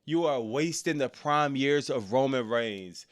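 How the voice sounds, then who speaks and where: A man reads chat aloud a little slowly while hosting a live wrestling reaction stream. His energy swings from loud, excited yells to low, frustrated muttering, and he speaks in casual slang, often closing with "dog" or "bro".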